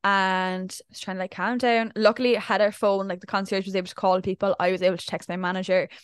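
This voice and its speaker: A woman's voice: medium pitch, level tone, fast talker, smooth, dry recording. Chatty young woman with dry sound. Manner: chatty storyteller acting out quoted speech. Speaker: podcast co-host. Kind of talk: casual chat.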